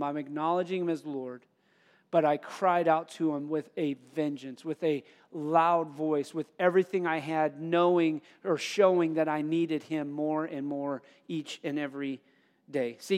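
Male pastor, high voice, emphatic preaching with soft drops; long church-hall reverb. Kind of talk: sermon.

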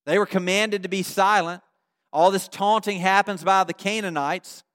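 High-voiced preacher in an echoing church. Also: male voice, normal speed. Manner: animated storytelling, addresses the congregation with questions. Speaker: pastor. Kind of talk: sermon. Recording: long reverb of a large hall.

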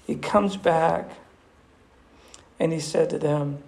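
A male preacher tells a scripture story with animated emphasis, and his voice is fairly high for a man, with a gravelly edge. He preaches in a lively sermon style. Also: takes it slowly. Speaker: pastor. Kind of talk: sermon, reading and retelling scripture.

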